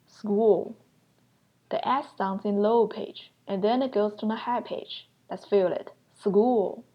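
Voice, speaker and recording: A woman's voice: medium pitch, lo-fi sound. A young woman teaching an online language lesson, patiently explaining points step by step and sounding out examples aloud.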